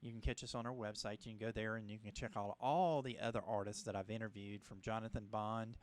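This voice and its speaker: Male radio host, lowish voice, halting and rambling. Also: fairly even intonation. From Louisiana. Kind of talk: casual radio interview. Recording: radio broadcast.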